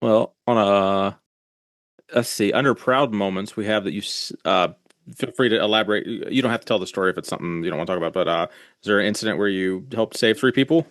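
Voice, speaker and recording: A man's voice: on the low side, fast, no room sound, clean studio sound. A man hosting a podcast, asking rambling questions and joking along in casual interview chat. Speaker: podcast host.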